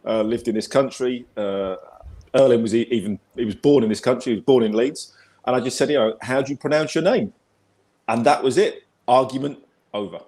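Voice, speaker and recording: A man in his forties with an English accent talks in a mid-range, slightly mellow voice at a fairly quick pace. He's a football pundit guest on a video call, chatting casually in a rambling way and repeating his words.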